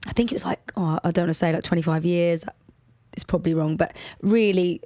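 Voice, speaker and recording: A woman's voice: lowish voice, steady tone, fast, warm tone, no room sound. A woman from Liverpool with a Watford accent, co-hosting a podcast in a chatty, self-deprecating way. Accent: Watford, England. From Liverpool, England. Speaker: podcast co-host. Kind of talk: casual chat.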